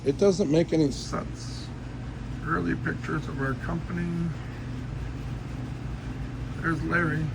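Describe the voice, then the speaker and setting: A man's voice: on the high side, fairly even intonation, slow pace, creaky, long pauses, background noise. A man casually giving a rambling, joking tour of his cluttered space, talking straight to a friend.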